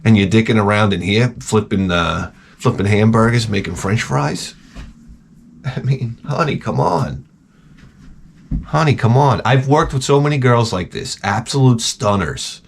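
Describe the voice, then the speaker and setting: A man's voice: fairly low pitch, moderate pace, creaky, a little hiss or hum. A man hosting a show, rambling through crude comedic chat and trailing off into mumbled asides. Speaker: show host.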